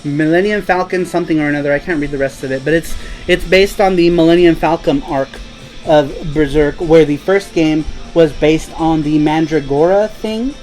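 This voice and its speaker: A man's voice: a little high, normal speed, darkish tone, soft background music, poor audio. A man hosting a casual live stream, chatting in a rambling, laid-back way and laughing easily. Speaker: host.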